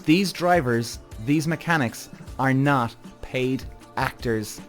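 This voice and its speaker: A man hosting a podcast, reacting to a TV show in an excitable way, swearing freely and jumping up and down in pitch. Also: takes it slowly, faint music behind. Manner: excitable, profane, big pitch swings. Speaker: podcast host. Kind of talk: TV reaction commentary.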